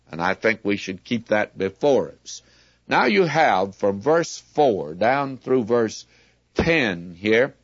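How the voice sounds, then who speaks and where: A man teaching through a Bible passage verse by verse, deliberate and emphatic, sometimes asking listeners questions. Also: mid-range voice, no room sound. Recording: dull lo-fi dry recording.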